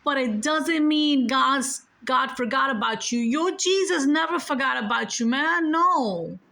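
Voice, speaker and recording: A woman with a New York accent and a bright, ringing voice that sits a little high for a woman. She talks straight to her viewers in a casual, emphatic way. She repeats her points, swears without holding back and keeps everything blunt. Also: animated, unhurried, creaky. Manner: emphatic, blunt, curses freely. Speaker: spiritual storyteller. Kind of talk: casual spiritual storytelling to viewers.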